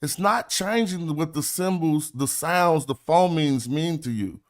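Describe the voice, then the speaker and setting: A man's voice: on the high side, a little slow. A man hosting a stream, talking loosely and emphatically in casual discussion. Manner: loose, emphatic, streetwise talk. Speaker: stream host.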